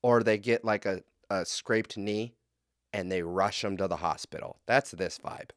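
A man hosting a podcast, ranting bluntly and profanely with heated swings into loud outbursts. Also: on the low side, a little slow, dry recording, studio quality. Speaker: podcast host. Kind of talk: casual podcast rant.

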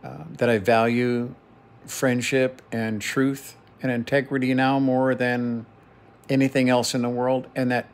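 A man's voice: medium pitch, flat delivery, a little slow. A middle-aged man venting in an emotional personal monologue to his camera, heated and profane, repeating phrases for emphasis. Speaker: vlogger.

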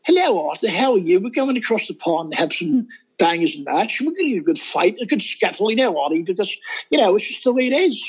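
A man putting on an English accent to play a chatty elderly English nanny, with a husky voice. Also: high voice, very animated, fast talker, full character voice, rough recording. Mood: cheery. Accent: English, put on.

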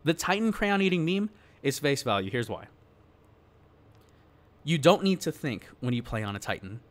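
A man's voice: mid-range voice, big pitch swings, moderate pace. A man ranting in a worked-up, exasperated way in casual, slangy gaming commentary, talking straight to his viewers. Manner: casual slangy address to the audience. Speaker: gaming YouTuber.

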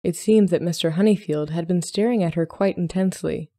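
Woman narrating a story, calm and measured, low mellow voice, dry close sound. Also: no room sound. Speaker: podcast host reading a story. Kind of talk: scripted narration.

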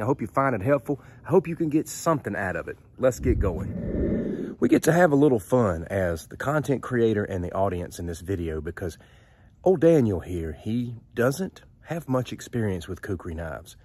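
A man's voice: medium pitch, expressive, normal speed, darkish tone, breathy edge. A man with a Southern US accent, talking casually and directly to his viewers as he reviews a knife. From Southern United States. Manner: folksy and chatty, addresses viewers directly. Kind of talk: casual product review vlog.

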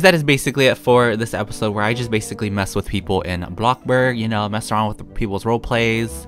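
A man's voice: on the low side, quick pace, few pauses, a bit bright, soft background music. A man giving casual gameplay commentary as a gaming YouTuber, giggly and mischievous and laughing often.

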